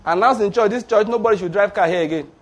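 A man preaching a sermon, animated and acting out the voices of people in his stories. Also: high voice, quick pace. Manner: animated, acts out voices of Satan and church members.

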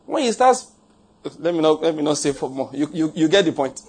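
A pastor delivers a sermon with a fairly high, husky voice. He is emphatic and jokey, chuckling at his own remarks and repeating key phrases. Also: sing-song, a little fast, darkish tone.

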